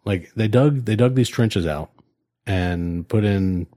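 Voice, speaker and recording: On a dry, studio-quality recording, a male podcast co-host with a warm voice on the low side talks slowly. His casual chat rambles, full of fillers and restarts.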